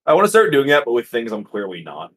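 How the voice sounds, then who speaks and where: Husky-voiced young man, swearing banter. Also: mid-range voice, wildly swooping pitch, fast talker, a bit bright. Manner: rambling, swears a lot, laughs often. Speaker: podcast co-host. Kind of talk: casual chat.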